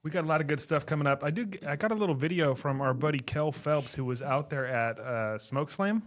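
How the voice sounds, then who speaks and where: A man's voice: on the high side, a little fast. A Texan man co-hosting a podcast, introducing segments in easygoing casual chat. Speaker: podcast co-host.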